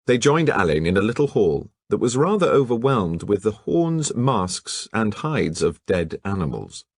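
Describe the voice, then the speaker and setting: A man reads a mystery audiobook in a lowish voice that rises and falls freely. His tone is slightly husky, and the recording is close and dry, with no room sound. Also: very animated, a little slow, no room sound. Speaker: audiobook narrator. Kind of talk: scripted narration.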